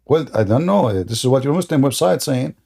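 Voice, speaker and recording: A mid-range, creaky yet mellow male voice delivers brisk, animated talk as host of a live-streamed religious debate. He insults people, fights with callers and cuts them off, frequently restarting and repeating himself.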